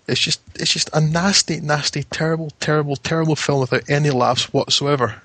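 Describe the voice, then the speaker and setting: A man's voice: mid-range voice, a little fast, sharp tone, breathy edge, dry recording. A man reviewing a film on the radio, exasperated and mocking. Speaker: film critic.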